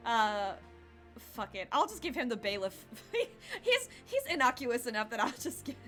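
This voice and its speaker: Young woman, game streamer, high lively voice, bright tone, excitable, music behind. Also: a little slow. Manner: excitable, laughing, swearing. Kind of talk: gameplay commentary with voiced reading.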